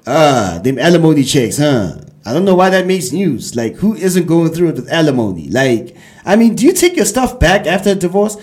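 A man's voice: fairly high pitch, very animated, moderate pace, darkish tone. A man hosting a show, chatting casually about news headlines, often repeating himself and laughing. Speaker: show host.

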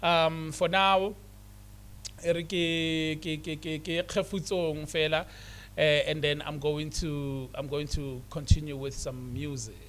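A man's voice: on the high side, level tone, unhurried, a bit bright, slight background noise. A man hosting a radio show, talking in a casual, preachy way, repeating himself and mixing English with Setswana. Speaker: radio host. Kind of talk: casual motivational radio talk.

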